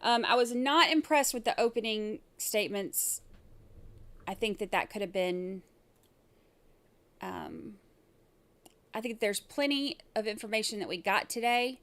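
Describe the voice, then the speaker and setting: Woman chatting to her live stream viewers, loose and rambly, lots of ums, mid pitch. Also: animated, unhurried, long pauses, a bit bright. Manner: chatty, rambling, with many fillers. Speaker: host of a live trial commentary stream. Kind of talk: casual livestream commentary.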